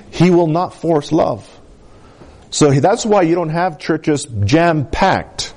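A man preaching a sermon as pastor, with an accent from the San Luis Valley of Colorado, often asking the congregation "Amen?" and swinging between emphatic highs and soft asides. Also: breathy edge.

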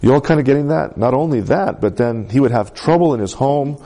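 A man's voice: medium pitch, lively intonation, fairly quick, dark tone. A male preacher giving a conversational sermon who often asks the congregation for responses.

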